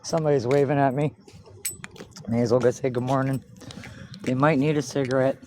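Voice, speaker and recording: A woman's voice: very deep voice, steady tone, a little fast, mellow. Woman, outdoor vlog, talks to herself and to cats, swears a lot, noisy street recording. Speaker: vlogger.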